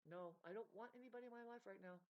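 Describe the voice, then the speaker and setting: A woman ranting to her viewers, rambling and swearing as she swings between loud outbursts and low mutters. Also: steady tone, racing. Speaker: vlogger. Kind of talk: emotional unscripted rant to camera. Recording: dull lo-fi recording.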